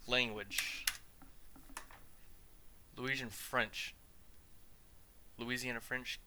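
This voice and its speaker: A man hosts a podcast in a loose, rambling rant full of swearing and side tangents. His voice is very bright and sharp, with a smooth, crisp clarity, and his pitch sits in the middle range. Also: fairly even intonation, very slow. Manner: rambling and profane, trailing off into asides. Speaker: podcast host. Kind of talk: casual ranting chat.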